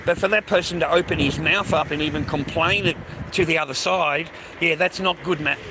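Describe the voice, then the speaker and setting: A man's voice: on the high side, steady tone, brisk. A man with an Australian accent in a rambling, casual monologue, talking bluntly and profanely and calling the listener "mate" over and over, recorded outdoors on a city street. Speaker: vlogger. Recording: noisy street with passing traffic.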